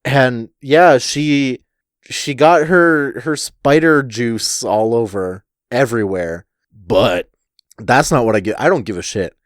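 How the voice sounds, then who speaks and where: Slow-talking male podcast co-host. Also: medium pitch, no echo, clean studio sound. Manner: relaxed storyteller, swears casually. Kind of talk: casual chat.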